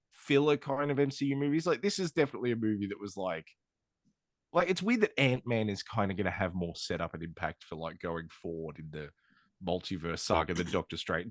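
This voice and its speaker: A man's voice: lowish voice, no echo, studio quality. A man co-hosting a comic book podcast, chatting casually with lots of laughter and strong opinions. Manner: animated, laughing, quick opinions. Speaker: podcast co-host. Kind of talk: casual chat.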